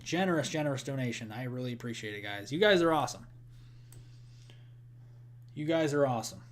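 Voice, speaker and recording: A man's voice: medium pitch, expressive, brisk. A young man with a Midwestern accent hosts a live weather stream, chatting with viewers and walking through forecast details. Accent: Midwestern American. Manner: chatty, thanks donors, rattles off forecast details. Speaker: weather livestream host.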